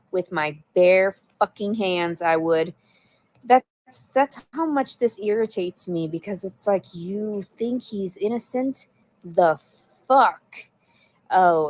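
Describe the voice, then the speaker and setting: A woman's voice: on the low side, a little mellow. A woman chatting on a livestream, answering viewers in a blunt, profane, rambling way. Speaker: livestreamer reading chat. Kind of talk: casual livestream chat.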